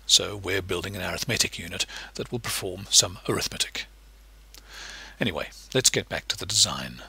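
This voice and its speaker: A man's voice: gravelly, husky. A man giving a recorded lecture, explaining patiently step by step. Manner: patient, explanatory, lively pitch shifts.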